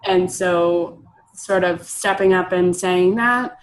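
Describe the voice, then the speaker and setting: A woman's voice: lowish voice, fairly even intonation, slow pace, poor audio. Hesitant young woman opening up. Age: 20s. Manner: hesitant, many fillers and restarts. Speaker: coaching client. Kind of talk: hesitant personal sharing.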